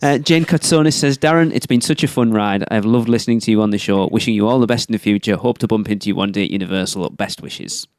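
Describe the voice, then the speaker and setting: A man co-hosting a podcast, reading out listener messages and adding quick jokes. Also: fairly low pitch, a little mellow, no room sound, studio quality. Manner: quick, joking asides. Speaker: podcast co-host.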